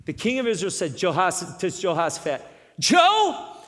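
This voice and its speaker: A man preaching a sermon in a conversational, animated manner, acting out the story as he tells it. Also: high-pitched, a little fast, in a large hall.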